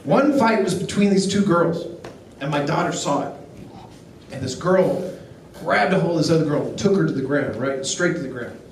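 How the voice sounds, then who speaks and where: A middle-aged man works a comedy club stage, telling family stories with a dry, deadpan delivery and acting out the lines of the people in them. His voice sits high for a man. The recording is echoey and picked up from a distance, with faint room noise underneath. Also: moderate pace. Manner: deadpan storytelling with acted quotes. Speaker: stand-up comedian. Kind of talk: stand-up set. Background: audience laughter.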